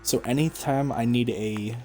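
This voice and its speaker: A man giving relaxed, explanatory commentary over his own gameplay stream, with frequent fillers. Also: mid-range voice, measured pace, soft background music. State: hiccups. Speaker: gaming streamer.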